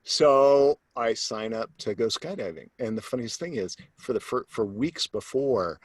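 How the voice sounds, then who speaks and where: Animated man telling a story. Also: a little slow, no room sound. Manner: animated storyteller who acts out quoted voices; drops to a low, earnest tone when making a point. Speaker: sales coach. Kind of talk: storytelling interview guest.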